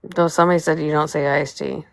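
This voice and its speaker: A woman's voice: sits low, steady tone, fast, creaky, no room sound, low-quality recording. A woman co-hosting a casual livestream, teasing and crude, passing on comments from the chat. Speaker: livestream co-host.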